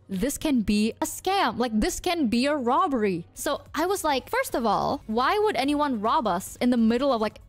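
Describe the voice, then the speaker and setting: A young woman telling a story to her stream chat in a casual, animated way, swearing freely. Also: high voice. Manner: animated, swearing, mixes in Indonesian words. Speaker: VTuber streamer.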